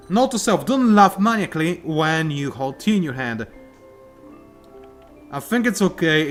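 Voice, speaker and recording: A young man talks through his gameplay at his computer, chatty and self-mocking, with a slightly high voice that swings widely in pitch. He breaks into dramatic outbursts at the enemy before settling back into casual chatter. Faint music runs in the background. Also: a bit bright. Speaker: gaming YouTuber. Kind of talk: casual game commentary.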